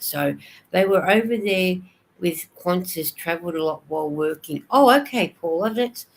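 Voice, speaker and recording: Here an Australian woman with a lowish voice talks casually over a live stream, answering viewer comments after reading them aloud. The recording quality is poor.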